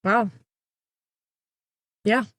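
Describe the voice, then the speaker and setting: A young woman co-hosting a podcast in casual chat, giggly and animated, acting out what people said. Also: very slow. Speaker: podcast co-host.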